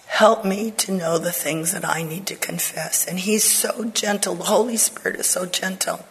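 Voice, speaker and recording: An older woman Bible teacher giving an earnest personal testimony to women, dropping to soft whispers for emphasis. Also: fairly low pitch, slight background noise, poor audio.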